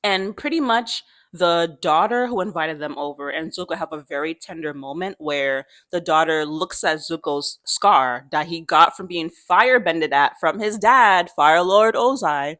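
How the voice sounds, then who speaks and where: A woman's voice: low-pitched, unhurried, hardly any pauses, a bit bright. A young woman vlogger chatting casually, slangy, swearing freely and laughing often. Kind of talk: casual chat.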